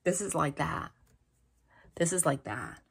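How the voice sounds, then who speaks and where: A woman with a low, husky, gravelly voice speaks a little slowly and expressively, offering a tarot and angel-message reading to camera. Her style is reassuring and conversational, full of "like" and "right?" fillers.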